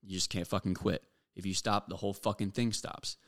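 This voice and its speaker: Deep-voiced man, blunt motivational talk. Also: level tone, fairly quick. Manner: blunt and profane, with many fillers. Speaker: podcast host. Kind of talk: motivational monologue.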